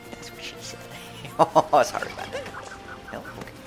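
A young man giving jokey, excitable commentary while playing a video game. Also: normal speed. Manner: excitable, jokey, yelps and laughs. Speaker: let's play gamer. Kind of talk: casual gameplay commentary. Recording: game music loud under the voice.

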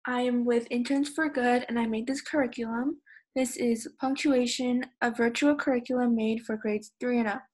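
A woman's voice: a little high, fairly even intonation, moderate pace. A teenage girl from California who teaches a recorded online lesson, explaining plainly and patiently. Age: teens. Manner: plain, patient explaining, raises voice on example shouts. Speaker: student teacher.

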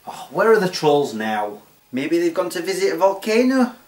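A man delivering a deadpan, self-mocking comedy monologue to his viewers. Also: high-pitched, moderate pace, noisy background. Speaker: comedy vlogger.

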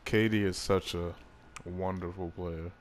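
Male gaming creator, low voice, loose excitable play-by-play with swearing. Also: a little slow, a little hiss or hum. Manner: excitable, swears, laughs at himself. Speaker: gaming YouTuber. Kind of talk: casual gameplay commentary.

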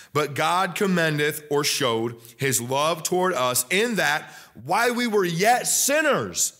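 Man, Midwestern accent, young pastor, church sermon, emphatic build-ups. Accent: American Midwest. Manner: emphatic preaching, rising loud and high at climaxes.

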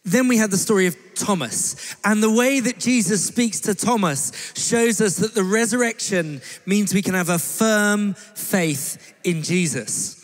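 A man, a pastor, preaching in a steady, measured way with light humour. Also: high-pitched. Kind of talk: sermon. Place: church hall. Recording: echoey church hall.

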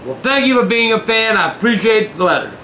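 An older man hosting a show, reading fan mail aloud in casual chat, gruff and given to shouting and cursing. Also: high voice, very animated, a little fast. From Southern US. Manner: gruff, shouts and curses in bursts. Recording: echoey room with faint noise.

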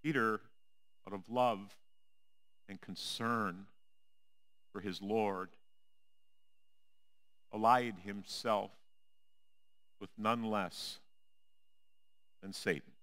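A male pastor preaching a sermon in a church, with a measured, dramatic delivery that drops low and quiet on the repeated refrains. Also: fairly even intonation. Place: church sanctuary.

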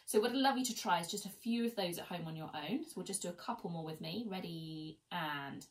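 A woman's voice: lowish voice, a little fast, hardly any pauses, soft background music, rough recording. A woman teaching an online violin lesson from home, chatty and encouraging as she counts students in. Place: at home, seated. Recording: faint violin in background. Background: violin playing.

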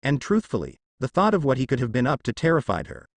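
A man narrating a fan fiction story with steady storytelling. His pitch moves in a lively way, and the recording is close and dry with no room sound. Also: fast talker, dry recording. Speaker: story reader.

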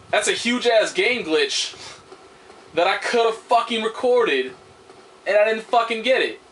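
A man's voice: high-pitched, expressive, slow, pauses often, a bit bright, a little hiss or hum. A young man giving casual gameplay commentary, frustrated and swearing as he rambles. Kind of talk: casual let's-play commentary.

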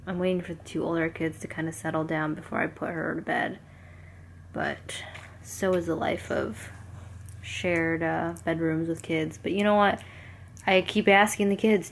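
A young mother talking casually to her handheld camera at home at night. Her voice sits a little low, and she rambles along with plenty of "like" and "um." A faint hum of household ambience hangs behind her. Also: level tone, a little slow, gravelly. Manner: chatty, rambling, lots of "like" and "um". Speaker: family vlogger, mother.

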